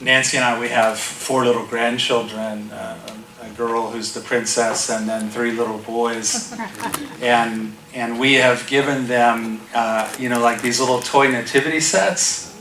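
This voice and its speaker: A man's voice: medium pitch, fairly even intonation, a little slow, background noise. A man in his sixties, a guest pastor preaching a sermon and telling funny stories with humor. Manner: humorous storytelling. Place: church auditorium. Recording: echoey church from far off.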